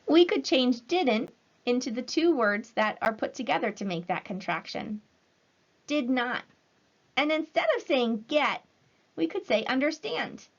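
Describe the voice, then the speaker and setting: A woman teacher giving a recorded language lesson to children, speaking slowly and clearly in an encouraging way. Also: high voice, animated. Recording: slightly dull lo-fi audio.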